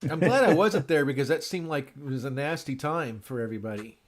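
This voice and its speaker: A man co-hosting a casual group chat, telling rambling, halting stories. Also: fairly high pitch. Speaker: podcast co-host.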